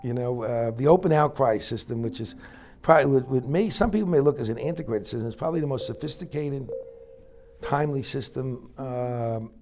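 A man's voice: medium pitch, fairly quick. Assured veteran male floor trader. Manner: assured, defending the system. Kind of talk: documentary interview.

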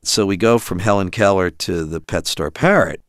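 A man recounting a story about his son, animated and acting out the voices of the people in it. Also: deep voice, normal speed. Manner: animated, acts out the voices of others. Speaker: father telling a family story. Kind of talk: storytelling in an audio documentary.

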